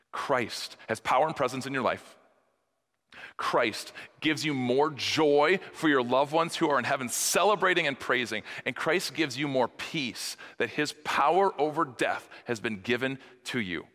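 Preaching man with bright, hall-echoing voice. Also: mid-range voice, lively intonation, measured pace. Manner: earnest preaching, swings between soft and emphatic. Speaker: pastor. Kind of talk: sermon. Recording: long hall reverb.

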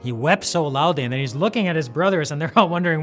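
A man's voice: a little high, animated, quick pace. A man giving a casual devotional Bible talk as host. He speaks conversationally and often restarts and repeats words. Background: faint music.

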